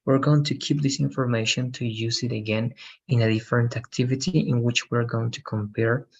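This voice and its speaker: A male English teacher explains grammar to a student and keeps checking with "right?". His voice sounds a bit husky. The audio is dull and lo-fi, like an online class. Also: mid-range voice, fairly even intonation, fairly quick. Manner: says "right?" after most sentences.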